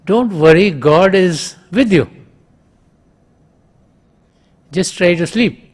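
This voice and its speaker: A man's voice: a little high, steady tone, normal speed, a little mellow, breathy edge. A man voicing a loving father who calls out to reassure his son from another room, in a story told during a spiritual talk. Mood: reassuring.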